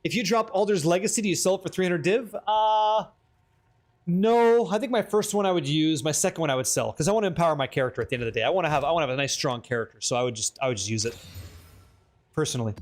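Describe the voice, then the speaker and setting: A man's voice: on the high side, quick pace. A man streaming a game, chatting casually with his viewers, joking and swearing freely as he reads the chat. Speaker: livestream gamer.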